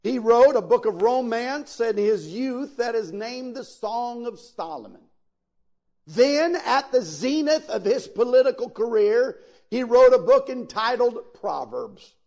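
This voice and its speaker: A man's voice: very high-pitched, lively intonation, measured pace, a little mellow. A man preaching a sermon as pastor, speaking directly to his listeners and swelling into sudden emphatic peaks. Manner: folksy, addresses listeners directly.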